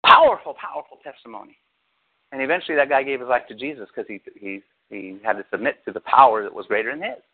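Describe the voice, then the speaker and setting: A middle-aged man preaching a sermon as pastor, telling stories with animated, sarcastic asides. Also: mid-range voice, quick pace, few pauses. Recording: tinny phone-like radio sound.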